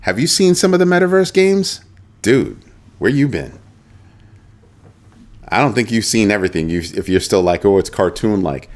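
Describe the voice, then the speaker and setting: A middle-aged man hosting a casual livestream, animated and chatty, talking straight to his viewers and often repeating himself. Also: mid-range voice, moderate pace, long pauses. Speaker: host of a crypto livestream.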